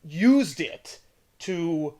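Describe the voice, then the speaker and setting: A man with a fairly high voice chats casually among friends. He tells stories with gusto, jumping into goofy voices for the characters. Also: extremely slow. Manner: animated storyteller, acts out characters in silly voices. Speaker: podcast host. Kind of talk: casual chat.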